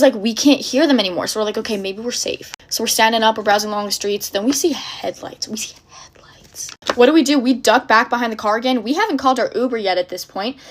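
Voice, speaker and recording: A young woman casually telling a dramatic story in an animated, breathless way, full of fillers. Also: on the high side.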